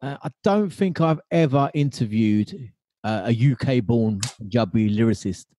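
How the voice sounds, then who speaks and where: A man hosting a podcast, asking questions in a friendly, hesitant way with many pauses. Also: mid-range voice, warm tone, dry recording, studio quality. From Kent, England. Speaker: podcast host. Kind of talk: casual interview chat.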